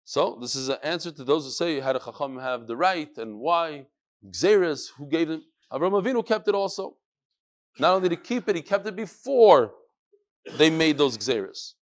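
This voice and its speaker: Male Talmud teacher, yeshivish English, high voice, acts out the lines as he teaches. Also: normal speed. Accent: yeshivish English with Hebrew and Yiddish terms. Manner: animated, acts out dialogue in raised voices. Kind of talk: Daf Yomi Talmud class.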